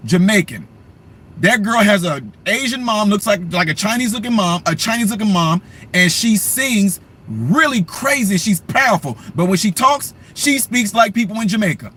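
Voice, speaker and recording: A man hosting a political commentary vlog who rants emphatically and speaks directly to his audience. His voice sits high for a man. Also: expressive, moderate pace, a bit bright, husky. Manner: emphatic, ranting, talks straight to viewers.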